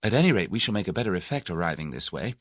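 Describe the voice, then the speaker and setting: A man voicing a spirited, excitable young Englishwoman in an audiobook of a mystery novel. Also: low-pitched, racing, no echo, clean studio sound. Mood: lively. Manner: eager, excitable.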